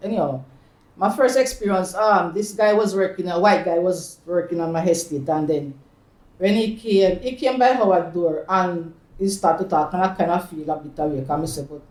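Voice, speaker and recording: A woman's voice: lowish voice, normal speed, darkish tone. A Jamaican woman in her fifties tells personal stories in an interview, laughing often and slipping into patois. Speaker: oral history interviewee. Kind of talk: personal storytelling. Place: community centre room. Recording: echoey room.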